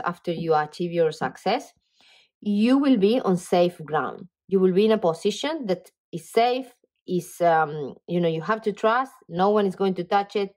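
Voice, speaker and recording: Enthusiastic tarot reader woman. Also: medium pitch. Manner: animated, enthusiastic, talks straight to the viewer; frequent fillers and "okay?" check-ins. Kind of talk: casual tarot reading to camera.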